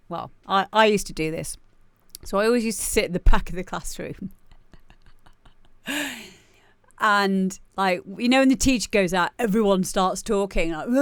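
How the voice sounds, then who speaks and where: A young woman hosting a music show, chatting casually and jokily, sometimes bursting into loud shouted mimicry. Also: mid-range voice, smooth, no room sound. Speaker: radio show host playing listener demos. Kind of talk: casual live-stream chat.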